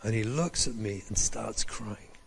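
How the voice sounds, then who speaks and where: A man's voice: fairly low pitch, unhurried, creaky, breathy edge, long reverb tail. A man, a rabbi, giving a lecture and telling stories, acting out the dialogue in them. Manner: animated, acts out dialogue from his stories. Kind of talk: lecture with storytelling.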